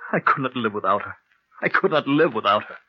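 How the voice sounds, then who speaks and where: A lovesick young man speaks in a husky voice that swings widely in pitch, full of emotion and pleading. The sound is dry and muffled, like an old radio play. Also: lively intonation, fast talker, no room sound. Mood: desperate. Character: passionate young man in love, desperate. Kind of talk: 1940s radio acting.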